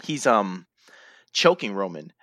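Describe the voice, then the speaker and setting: A man's voice: fairly low pitch, big pitch swings, slow pace, bright, forceful tone, no echo, studio quality. A man co-hosting a casual wrestling recap chat who laughs often and acts out the wrestlers' lines. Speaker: podcast co-host.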